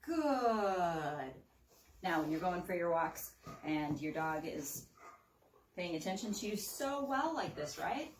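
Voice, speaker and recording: A woman dog trainer giving an upbeat hands-on demo, calling out sharp high praise to a dog as she works. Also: measured pace, a little hiss or hum. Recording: roomy, mic at a distance.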